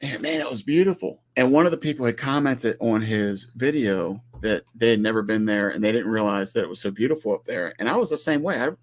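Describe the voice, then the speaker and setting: A man's voice: medium pitch, brisk, hardly any pauses. A man co-hosting a ranch livestream, chatting casually, teasing and often restarting his sentences.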